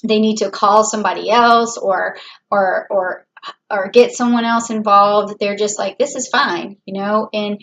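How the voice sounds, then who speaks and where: Woman tarot reader, relaxed rambling chat, mid pitch, muffled lo-fi sound. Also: measured pace, vocal fry. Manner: chatty, rambling, many fillers and restarts. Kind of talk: casual tarot reading. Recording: dull lo-fi audio.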